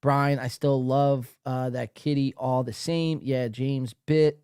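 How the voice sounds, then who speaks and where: A man's voice: medium pitch, steady tone, takes it slowly, a little mellow, clear, resonant tone, dry recording, studio quality. A man hosting a podcast, giving crude, mocking, profane commentary. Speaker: podcast host.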